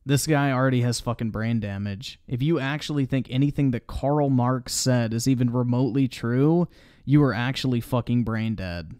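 A man's voice: medium pitch, normal speed, darkish tone, clear, resonant tone, no room sound, clean studio sound. A man commenting on a video during a live stream, mocking it sarcastically with heavy swearing and reading viewer chat aloud.

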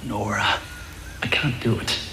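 A man playing Roger, a hammy actor in a comedy sketch love scene, with overwrought, halting dramatic pauses. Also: lowish voice, steady tone, lightly acted. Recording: noisy archive TV sound.

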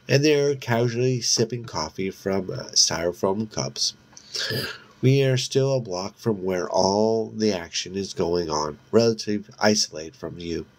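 A man narrating a novel aloud in a very deep voice. He reads slowly and steadily, taking his time over each phrase, now and then stumbling on a word and correcting himself. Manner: measured, steady reading with occasional slips. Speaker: audiobook narrator.

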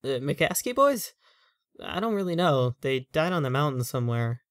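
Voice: medium pitch, big pitch swings, normal speed, no room sound. Brief: reader doing a stressed, venting man in his thirties, weary rambling delivery, dry close recording. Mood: evasive. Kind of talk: horror story reading.

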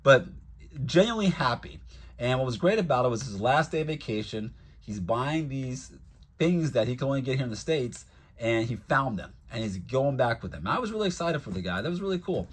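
A man's voice: medium pitch, sing-song, brisk, breathy edge. A man vlogging as a toy collector, telling a casual, rambling story with lots of fillers.

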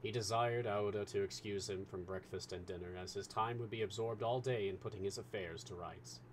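Low-voiced male storyteller. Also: slight background noise. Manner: measured, expressive narration. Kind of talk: live reading of a classic novel.

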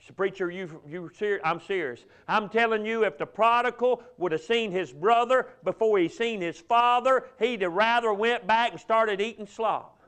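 A man preaching a fervent revival sermon, swinging from loud emphatic bursts to hushed, drawn-out pleading. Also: high voice, clean tone. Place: church sanctuary.

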